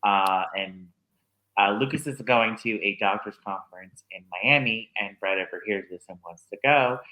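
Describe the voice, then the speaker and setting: Bright-voiced man co-hosting a chat. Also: lowish voice, moderate pace, low-quality recording. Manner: chatty, agreeable, laughs a lot. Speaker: podcast co-host. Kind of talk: casual chat.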